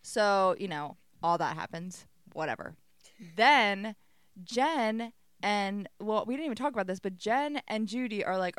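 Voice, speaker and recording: A woman's voice: medium pitch, normal speed, fairly bright tone, clean tone, no room sound. A chatty woman recapping a TV show on a podcast, rambling along with plenty of animation. Her voice sits in a mid range and sounds close and dry, with no room sound around it. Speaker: podcast co-host. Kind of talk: casual chat.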